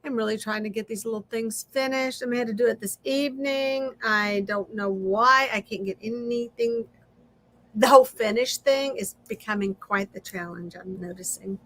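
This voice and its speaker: A woman's voice: a little high, normal speed, fairly bright tone. A middle-aged woman hosting a casual craft livestream, chatting straight to viewers and laughing often.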